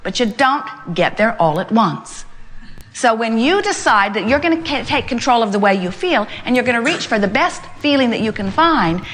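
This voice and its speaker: A woman's voice: a little high, big pitch swings, moderate pace, fairly bright tone, slight background noise. Emphatic older woman giving a spiritual talk. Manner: emphatic, repetitive, speaks as "we" to the audience. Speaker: spiritual speaker addressing an audience. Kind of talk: inspirational talk to a live audience.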